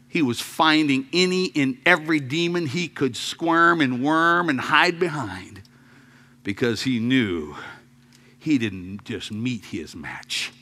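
A man preaching an energetic sermon, joking with the congregation and breaking into shouted rallying calls. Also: mid-range voice, takes it slowly.

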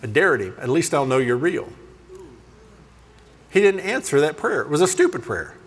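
Male preacher, fairly high, animated comic storyteller, reverberant hall. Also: moderate pace. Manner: animated, jokey, self-deprecating. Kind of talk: humorous sermon storytelling.

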